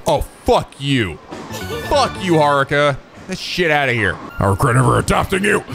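Music plays behind a man whose fairly high voice is gravelly and moderately paced. As host of a video game playthrough, he gives profane, excitable commentary and trash-talks in mock anger.

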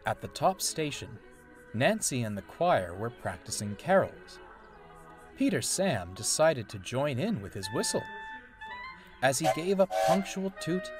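A man narrating a storybook tale in a measured way. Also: medium pitch. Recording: narration over loud music.

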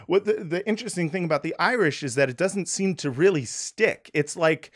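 A man with a somewhat high voice hosts a relaxed podcast interview. He rambles and hesitates, circling back with fillers and false starts as he thinks aloud. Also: a little fast. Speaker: podcast host. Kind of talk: casual interview chat.

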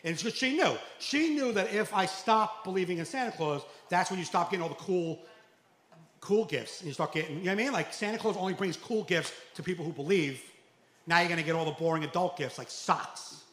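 A stand-up comedian, telling stories loudly on a club stage, acting out quotes and shouting punchlines. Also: male voice, high voice, brisk. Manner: loud storytelling with acted quotes, shouting punchlines. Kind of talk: stand-up set. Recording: echoey club room, faint noise.

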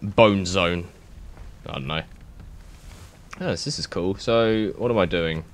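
A young man giving excitable, rambling let's-play commentary, swearing and thinking aloud as he plays. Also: low voice, slow pace. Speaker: gaming YouTuber.

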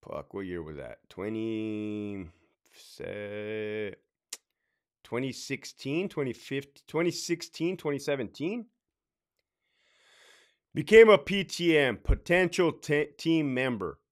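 Profane, animated man telling a story. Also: mid-range voice, takes it slowly. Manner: profane, rambling, keeps tagging "right?". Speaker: prison sergeant and veteran telling his career story. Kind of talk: casual storytelling vlog.

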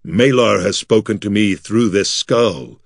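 A man voicing a bold male trickster who speaks in a slow, deep, solemn voice. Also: gravelly, no echo, clean studio sound. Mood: intoning.

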